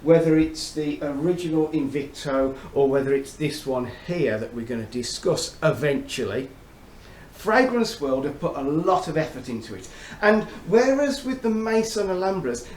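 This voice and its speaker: A man's voice: a little high, darkish tone. A middle-aged man reviewing fragrances in a chummy, chatty, storytelling way. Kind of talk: casual chat to camera. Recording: roomy echo, faint background noise.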